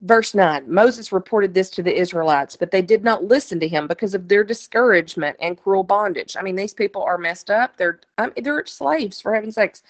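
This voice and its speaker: A woman's voice: mid-range voice, animated, moderate pace, hardly any pauses. A woman teaching a Bible study, reading scripture aloud and explaining it in a plain, conversational way with asides to her listeners.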